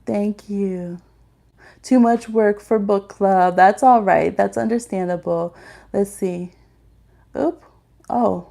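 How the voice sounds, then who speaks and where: A woman's voice: medium pitch, slow, vocal fry, pauses often, warm tone. Chatty woman giving live tarot readings. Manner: chatty, reads chat aloud, many fillers and "like". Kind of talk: casual live-stream reading.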